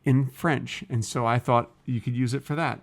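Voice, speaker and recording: Male co-host, mid-pitch, teasing, stubborn, casual comedic chat. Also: steady tone, moderate pace, vocal fry. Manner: stubborn, playfully insistent, teasing. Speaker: podcast co-host.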